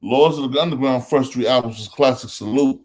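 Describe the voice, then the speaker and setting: A man's voice: medium pitch, fairly quick, darkish tone. Host, man, New Jersey accent, emphatic casual monologue, lists names and repeats lines. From Elizabeth, New Jersey.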